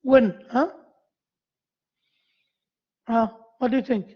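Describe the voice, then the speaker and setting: Slow, halting male lecturer. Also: very high-pitched, slightly rough, dull audio. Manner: halting, repeats words and quizzes students. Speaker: university lecturer. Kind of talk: classroom grammar lecture. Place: classroom.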